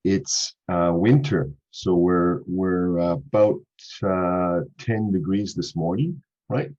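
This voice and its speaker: A man's voice: low voice, takes it slowly, darkish tone. A middle-aged man from Canada with a Canadian accent, a cheerful podcast guest who laughs often and talks with many fillers and restarts over a video call. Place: home office. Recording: dull lo-fi call audio.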